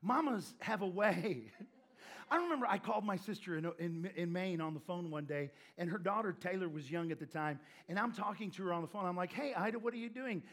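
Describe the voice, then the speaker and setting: A male preacher with a very high, husky voice delivers a lively sermon. He tells stories and now and then shouts a line for emphasis. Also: brisk. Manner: animated storytelling with shouted emphasis and laughs.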